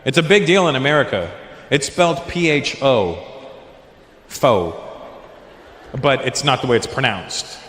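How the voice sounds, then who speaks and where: A man's voice: medium pitch, big pitch swings, brisk. Brash male stand-up comedian. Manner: brash, teasing, chatty with the audience. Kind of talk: stand-up comedy and crowd work. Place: large live comedy venue. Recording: live show with loud crowd laughter and noise.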